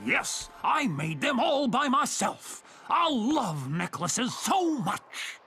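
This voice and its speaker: An actor voicing a gentle male monster who loves making necklaces, talking slowly and sweetly in a children's cartoon. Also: medium pitch, sing-song, creaky, slightly rough, exaggerated voice. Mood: delighted. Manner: slow, sweet, drawn-out and wondering. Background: music.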